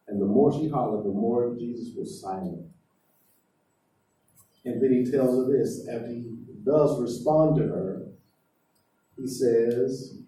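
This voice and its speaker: A man's voice: mid-range voice, a little slow, mellow, recorded from a distance. A man preaching a sermon, speaking emphatically and putting questions to his congregation, in a church hall. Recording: echoey hall heard from afar.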